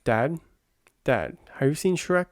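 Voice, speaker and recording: A man's voice: a little high, lively intonation, takes it slowly, no room sound, clean studio sound. A man voicing an earnest young princess in a whispered role-play, defensive in tone.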